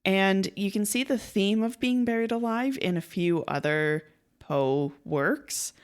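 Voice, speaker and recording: A woman's voice: mid-range voice, a little slow, clear, resonant tone. A young woman co-hosting a casual podcast, retelling a story in a chatty way, acting out quotes and laughing easily. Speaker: podcast co-host.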